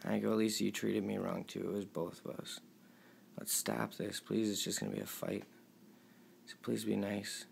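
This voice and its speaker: A young man reading out a string of text messages, pleading and emotional, his voice sometimes dropping low and quiet. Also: level tone, moderate pace, creaky, slight background noise. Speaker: vlogger.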